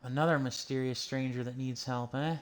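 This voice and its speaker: While streaming a western video game, a man chats casually and thinks aloud to himself as he plays. His voice is medium-pitched and steady, and he speaks a little fast.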